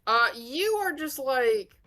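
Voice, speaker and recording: A woman running a tabletop game as game master, narrating with frequent fillers and pauses. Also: sits high. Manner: lively, halting, fillers.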